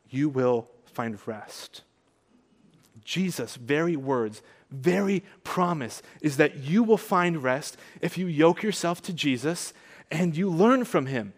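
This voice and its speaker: A man preaching a sermon, earnest and conversational, rising to emphatic peaks and dropping soft. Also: on the high side, big-room sound. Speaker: pastor.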